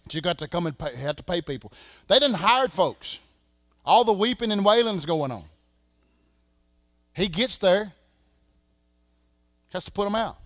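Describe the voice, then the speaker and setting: A Southern man preaching a sermon as pastor, swinging from shouting to a hush. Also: high-pitched, animated, normal speed, long pauses, no echo, clean studio sound. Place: church sanctuary.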